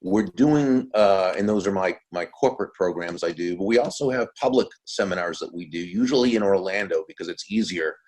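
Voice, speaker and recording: A man in his sixties talks as a guest author in an easygoing interview. His voice sits deep and low, and his phrases fade softly at the ends. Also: expressive, brisk, few pauses. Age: 60s. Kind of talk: casual interview talk.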